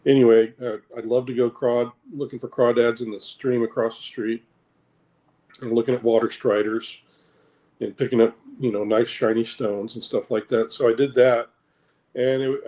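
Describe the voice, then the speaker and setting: Warm and medium in pitch, this middle-aged American veteran's voice carries hesitant stories from his own life as an interview guest. His speech is full of fillers and repeated words.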